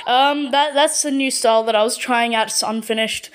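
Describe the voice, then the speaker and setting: Hesitant Australian girl with a high voice. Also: normal speed, few pauses, smooth. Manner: hesitant, full of ums and repeated words. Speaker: channel owner. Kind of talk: casual voiceover showing her artwork.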